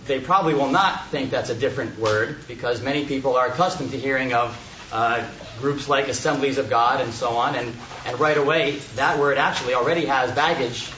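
Guy explaining bible verses at a meeting, pauses a lot, far off mic, muffled and echoey with hiss. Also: medium pitch, fairly bright tone. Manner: measured, thoughtful, with many hesitations. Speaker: Bible study speaker. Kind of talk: unscripted Bible teaching. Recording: echoey, distant, muffled, noisy room recording.

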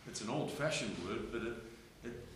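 A man talking earnestly in a Bible study discussion, halting and restarting as he works through a thought. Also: mid-range voice. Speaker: Bible reading participant. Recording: very echoey room with noticeable background noise.

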